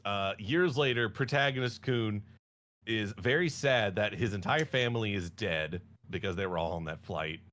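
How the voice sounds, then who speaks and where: A low-voiced man chatting casually as a stream co-host. He rambles and jokes, stopping often to correct himself. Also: normal speed, a bit bright, a little hiss or hum. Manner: rambling, jokey, self-correcting storyteller. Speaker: podcast co-host. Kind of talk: casual chat.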